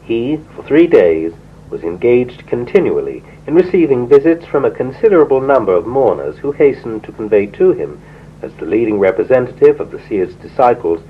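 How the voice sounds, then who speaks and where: A man reads a history book aloud in a measured, expressive way, his pitch moving widely across each sentence. The recording is dull and lo-fi. A faint hum sits underneath his voice. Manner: measured, expressive reading with rising emphasis on quotes. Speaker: reader.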